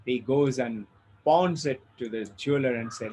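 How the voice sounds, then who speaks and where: A man's voice: medium pitch, normal speed, a little mellow, slight background noise, rough recording. A man giving a spiritual lecture, explaining ideas through stories and rhetorical questions. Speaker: spiritual teacher.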